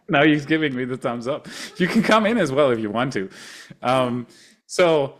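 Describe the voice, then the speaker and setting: A man's voice: medium pitch, animated, moderate pace, fairly bright tone. A middle-aged man with a German accent chats casually on a livestream in English, which is not his first language. He rambles, restarts phrases and repeats words as he goes. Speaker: livestream host.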